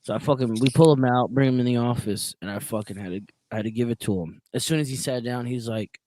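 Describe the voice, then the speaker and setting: A man talking casually on a podcast about his work as a prison sergeant, cursing freely as he tells stories. His voice is mid-pitched and recorded dry and close, jumping from loud bursts to muttered asides. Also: quick pace, no room sound. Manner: profane storytelling with swings in loudness.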